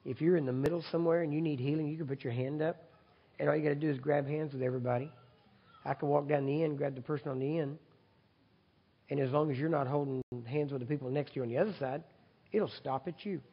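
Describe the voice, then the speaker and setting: Male preacher, gravelly and husky, conversational with the congregation, dull recording in a big reverberant hall. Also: a little high, steady tone, quick pace. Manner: leads congregation in repeat-after-me prayer, loud and emphatic; conversational, asks audience for agreement. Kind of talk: sermon.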